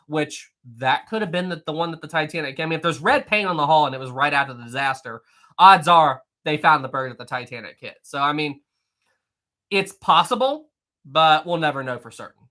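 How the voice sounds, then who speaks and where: A man's voice: a little high, sharp tone. A man with a Southern US accent who hosts a history livestream, chatting casually and laughing as he answers viewer comments. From West Virginia. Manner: jokey, chatty, quick to laugh. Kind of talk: casual live-stream chat reading viewer comments.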